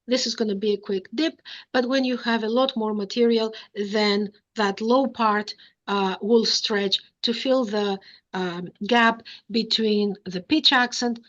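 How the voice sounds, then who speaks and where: A woman's voice: on the high side, muffled recording. A woman giving an academic lecture, explaining step by step and checking in with her listeners. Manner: explanatory, checks in with "right?" and "okay?".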